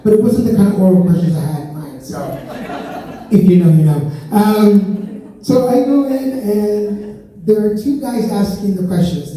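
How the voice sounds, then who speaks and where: A man's voice: sits high, dark tone. A man doing a stand-up comedy set, chatty and self-mocking, riffing with the crowd. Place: stage in an event hall. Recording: echoey hall, mic heard from a distance.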